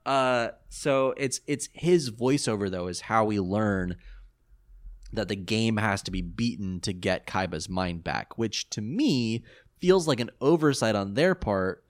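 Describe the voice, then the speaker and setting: Sarcastic guy cohosting a recap podcast, super lively voice, dead dry mic. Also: on the low side, measured pace, no room sound. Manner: animated, joking, sarcastic. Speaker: podcast co-host. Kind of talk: casual recap chat.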